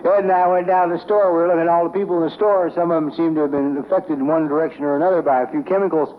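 A man with a fairly high voice gives a wry, rambling talk to a recovery group. His delivery is loose and conversational. The recording is dull and lo-fi, with a faint hiss underneath. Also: fairly even intonation, racing. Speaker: recovery meeting speaker. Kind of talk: humorous storytelling talk to a group. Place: large meeting room with a crowd.

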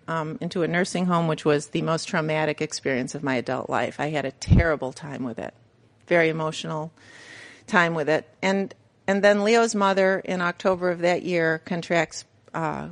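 A middle-aged woman giving a candid personal testimony to a recovery group, storytelling with self-mocking humor. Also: fairly low pitch. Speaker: recovery meeting speaker.

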